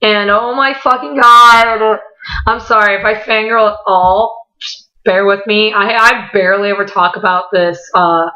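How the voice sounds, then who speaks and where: A woman vlogger telling a story casually, excitable and full of swearing as she acts out what people said. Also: mid-range voice, moderate pace. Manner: excitable, profanity-laden, quoting voices. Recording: dull lo-fi recording.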